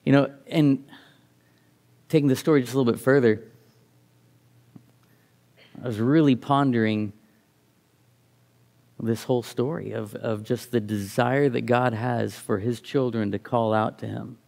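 Middle-aged male preacher with a gravelly voice, thoughtful sermon delivery with frequent restarts. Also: medium pitch, fairly even intonation, a little slow, pauses often, darkish tone. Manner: reflective, reads scripture aloud, restarts phrases.

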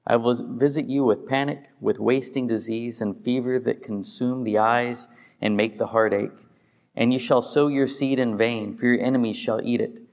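A man preaching a sermon in a relaxed, easygoing way, pausing to chuckle when he trips over a word. His middle-pitched voice carries a long reverb, as though recorded in a hall. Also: vocal fry. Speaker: pastor. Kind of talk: sermon with scripture reading.

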